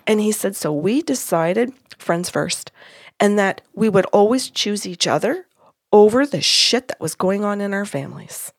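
A woman hosting a podcast tells a story in a relaxed, lively way and voices what others said without changing her own sound. The recording is dry and close, with no room echo. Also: medium pitch, measured pace. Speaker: podcast host and medium. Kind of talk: casual storytelling.

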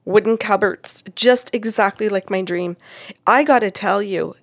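A woman, a psychic medium, telling a story from a client session in casual chat, lively and expressive, acting out what people said with big jumps in pitch. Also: measured pace, creaky, no echo.

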